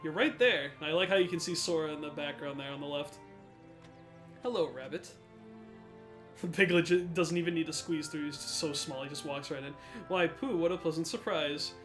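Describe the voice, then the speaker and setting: A man's voice: on the high side, fairly even intonation, fast, hardly any pauses, music in the background. A young man doing let's play commentary, sarcastic and joking. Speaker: gameplay commentator.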